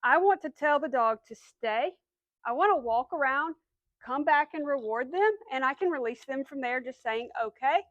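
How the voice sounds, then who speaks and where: A woman's voice: high voice, lively intonation, normal speed, fairly bright tone, no room sound, muffled recording. A woman dog trainer patiently explaining commands step by step, then giving the dog short firm cues. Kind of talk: instructional dog training demo.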